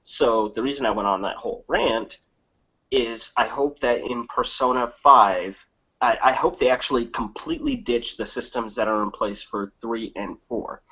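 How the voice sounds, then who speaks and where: A man's voice: mid-range voice, normal speed, husky, muffled recording. A man in a casual gaming podcast, ranting with lots of swearing and comic asides. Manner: profane, animated ranting with comic impressions. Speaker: podcast panelist.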